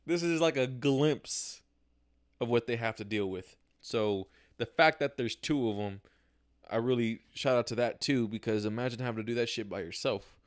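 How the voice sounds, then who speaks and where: A man's voice: medium pitch, moderate pace. Candid, profane young man talking to camera. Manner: candid, profane, slangy, acts out his own reactions. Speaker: podcast host. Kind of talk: casual solo livestream monologue. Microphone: camera mic, talking to camera.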